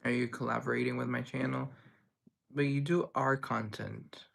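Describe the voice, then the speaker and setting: A man's voice: medium pitch, fairly even intonation, normal speed, gravelly, fairly bright tone. A young man hosting a livestream, reading chat messages aloud and answering them in a rambling, playful way. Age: young adult. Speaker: livestream host.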